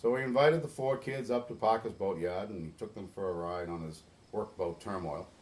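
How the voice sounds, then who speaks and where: A man's voice: lowish voice, brisk, darkish tone. A middle-aged man from New England, a guest in an interview, telling a long story earnestly and with feeling, often restarting his sentences. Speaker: interview guest, boatyard volunteer organizer.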